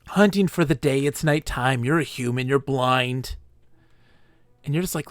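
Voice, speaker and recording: A man's voice: medium pitch, unhurried, no room sound. A man streaming a game live, rambling enthusiastically and laughing often between thoughts.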